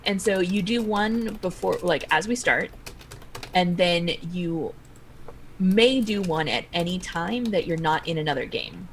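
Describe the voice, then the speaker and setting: A woman with a slightly low voice explains a tabletop rule step by step. Her manner is patient and casual, with a faint hiss of noise and keyboard typing somewhere around her. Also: animated, a little slow. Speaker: player. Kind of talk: explaining game rules casually.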